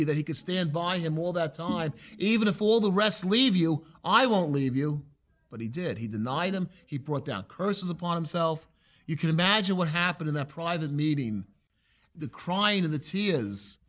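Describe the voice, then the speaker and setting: A man's voice: fairly high pitch, a bit bright. A man teaching verse by verse through a Bible passage in an earnest, emphatic way. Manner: earnest, emphatic with shifts in pace. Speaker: preacher.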